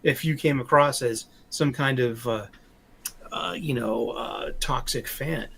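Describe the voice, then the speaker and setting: A man's voice: mid-range voice, unhurried, creaky, fairly bright tone, breathy edge. A man hosting a podcast in casual chat, rambling and often stumbling over his words. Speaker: podcast host.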